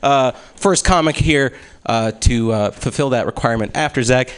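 A man's voice: medium pitch, normal speed, smooth. A man hosting a comedy show, teasing the last comic and announcing the next act. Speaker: show host. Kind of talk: emcee banter.

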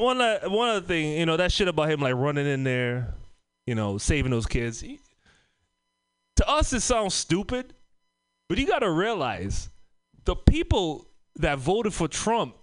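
A man's voice: high-pitched, big pitch swings, measured pace, long pauses, a bit bright, no room sound, clean studio sound. A man from Trinidad doing a stand-up set, loose and profane, laughing at his own jokes on a comedy club stage. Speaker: stand-up comic.

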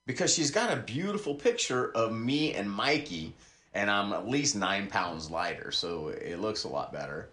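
A man's voice: lowish voice, expressive, moderate pace, a bit bright, roomy sound. A man hosting a podcast, talking loosely and wandering from topic to topic while speaking straight to his listeners. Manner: loose, digressive, talks to listeners directly. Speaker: podcast host. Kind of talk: rambling casual monologue. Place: small community radio studio.

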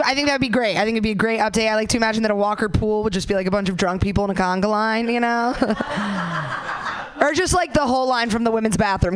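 A woman's voice: fairly high pitch, background noise. A young woman doing a stand-up comedy set, crude and self-mocking, rambling with lots of likes and you knows. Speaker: stand-up comic.

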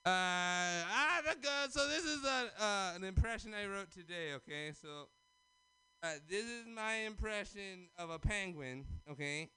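A man doing a stand-up comedy set at an open mic, loud and excitable, with squealing bits and shouted asides. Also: sits high, a little slow, clear, resonant tone.

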